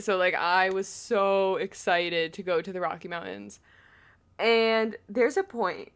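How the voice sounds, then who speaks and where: Young female gaming vlogger from Long Island; slight lisp, animated, wandering delivery. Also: mid-range voice. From New York, Long Island. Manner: rambling, chatty, full of "like". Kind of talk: casual chat while gaming.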